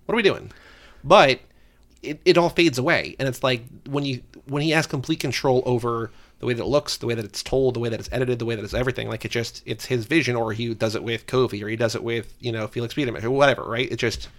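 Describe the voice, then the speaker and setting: Male podcast co-host, mid-pitch, eager casual talker. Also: steady tone, fast, fairly bright tone. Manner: enthusiastic, leans heavily on "like".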